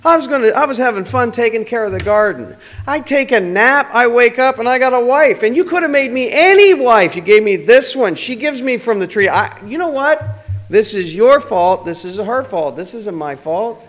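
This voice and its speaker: A man's voice: very high-pitched, lively intonation, moderate pace, a bit bright, voice pushed up. A man voicing a whiny, self-pitying first man who blames everyone but himself. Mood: indignant whining. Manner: complaining, indignant.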